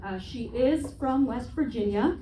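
A woman's voice: fairly high pitch, measured pace, mellow, a little hiss or hum. Wry woman comic in her twenties. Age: 20s. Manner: self-deprecating, profane, wry asides. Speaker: stand-up comedian. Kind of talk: stand-up comedy set. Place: comedy club stage. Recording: echoey room, heard from a distance.

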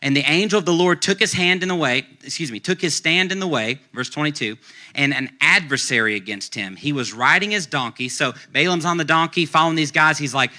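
Guy pastor preaching, super bright voice, kinda high, acts out the story casual like. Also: fairly quick. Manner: animated storytelling, acts out characters' lines; conversational, uses casual slang. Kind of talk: sermon.

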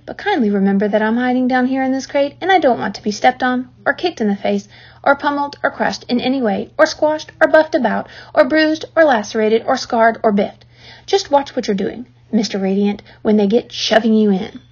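A woman's voice: on the high side, fairly quick, lightly acted. A woman voicing a fussy, selfish male rat who complains at length in a children's story. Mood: complaining. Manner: complaining, listing grievances. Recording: dull lo-fi recording.

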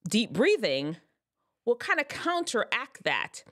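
A woman's voice: fairly high pitch, huge pitch swings, slow pace, a bit bright. A woman giving advice in a chatty, loose way, often correcting herself mid-sentence as she explains science terms. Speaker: advice vlogger. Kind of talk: casual explanatory talk.

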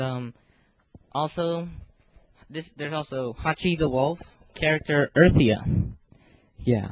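A teenage boy with a medium-pitched, somewhat dark voice rambles through a casual vlog on a lo-fi recording. He's a video creator organizing a fan voice series, and he talks in a self-deprecating way, full of fillers and restarts.

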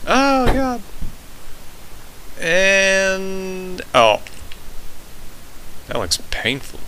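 Excitable young man yelping through a game. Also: high voice, very slow, a little hiss or hum. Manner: excitable, swearing, yelping reactions. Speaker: gamer. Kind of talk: let's play commentary.

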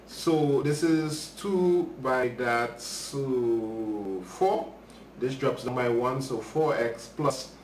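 A man's voice: medium pitch, far from the mic, slight background noise. Man, live maths lesson, casual and chatty, echoey room, off-mic. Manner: casual, chatty, talks to viewers while working problems. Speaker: maths teacher. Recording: roomy livestream audio from off-mic.

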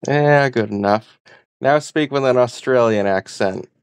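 Woman with a really deep smooth voice, short hesitant requests, dry close mic. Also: unhurried, a little mellow, no echo. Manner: terse, hesitant commands with "uh". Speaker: user testing a voice assistant. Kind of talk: casual spoken requests.

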